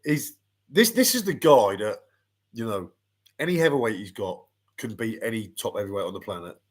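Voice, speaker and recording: A man's voice: lowish voice, lively intonation, moderate pace, breathy edge. A middle-aged man, a boxing pundit ranting bluntly and swearing freely in casual panel chat.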